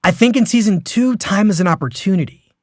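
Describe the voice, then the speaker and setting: A man hosting a podcast, talking about television in an animated, storytelling way full of asides. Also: high voice, fairly quick, no room sound, clean studio sound. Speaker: podcast host. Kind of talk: casual critical discussion.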